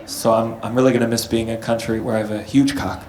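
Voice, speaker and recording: A man's voice: mid-range voice, flat delivery, heavy background noise. American man doing stand-up in a roomy hall. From United States. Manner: stammering restarts, wry and quick. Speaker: stand-up comedian. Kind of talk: stand-up comedy set. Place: live comedy venue.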